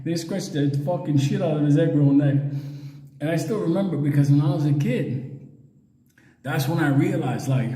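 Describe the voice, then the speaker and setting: A man's voice: mid-range voice, fairly quick. A middle-aged man telling a story casually, swearing heavily and laughing often. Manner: animated, laughing, heavy swearing. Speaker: show host. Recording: roomy echo with long reverb.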